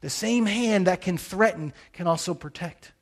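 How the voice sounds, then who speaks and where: A man's voice: high-pitched, normal speed. A middle-aged man preaching a sermon, earnest and telling a personal story as a pastor. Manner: earnest storytelling with quoted blessings.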